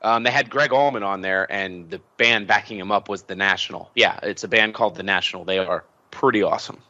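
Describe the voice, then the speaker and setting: A man's voice: lowish voice, brisk. A man co-hosting a podcast in casual chat, joking and hesitating with ums. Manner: animated, jokey, hesitant with ums. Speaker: podcast co-host. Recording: dull lo-fi podcast audio.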